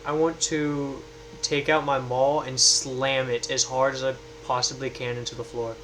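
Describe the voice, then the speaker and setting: A man playing a tabletop role-playing game who talks in a slow, deliberate, defiant way. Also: mid-range voice, flat delivery, a bit bright, a little hiss or hum, rough recording. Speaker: player. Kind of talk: tabletop role-play, in character at times.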